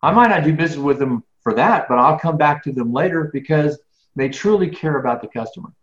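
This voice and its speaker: An expressive, brisk middle-aged man with a voice on the high side is an emphatic guest in a conversational interview, often restarting and repeating words. The audio comes through echoey, dull and lo-fi.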